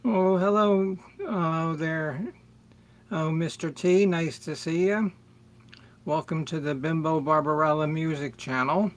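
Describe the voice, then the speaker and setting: A middle-aged man hosting a music livestream, chatting slowly and rambling as he greets viewers by name. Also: on the high side. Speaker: livestream music show host. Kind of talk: casual livestream chat with viewers.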